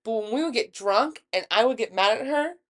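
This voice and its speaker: A woman's voice: fairly high pitch, animated. A young woman co-hosting a casual podcast, blunt and profane as she tells stories. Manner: blunt, profane, quick storyteller. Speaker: podcast co-host.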